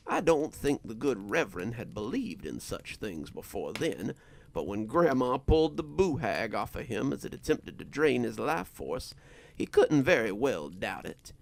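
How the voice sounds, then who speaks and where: A man narrating a scripted horror story in a slow, deliberate storytelling manner. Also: mid-range voice, very animated, gravelly, a little hiss or hum.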